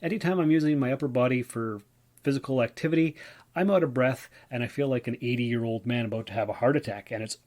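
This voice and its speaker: A man's voice: mid-range voice, quick pace, darkish tone. A man hosting a casual solo podcast, rambling and stumbling over his words as he tells a personal story. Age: adult, working mailman. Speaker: podcast host.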